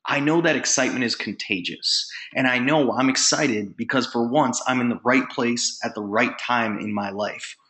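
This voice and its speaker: A man's voice: mid-range voice, moderate pace, few pauses, a bit bright. An emphatic, punchy man delivers a motivational sales training. He talks straight to his listeners and slips into short sample phone calls to show how it is done.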